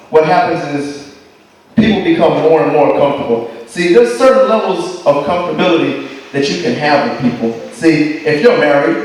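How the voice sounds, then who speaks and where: A man doing a stand-up comedy set, telling stories about a girlfriend in a profane, exasperated way. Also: a little high. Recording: echoey hall, distant mic.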